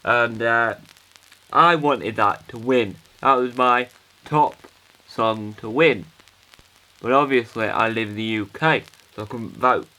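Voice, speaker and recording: A man's voice: mid-range voice, takes it slowly, bright, forceful tone, low-quality recording. A man playing an earnest, rambling dad who records a hesitant, self-interrupting video diary for his kids. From United Kingdom. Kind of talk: comic character monologue.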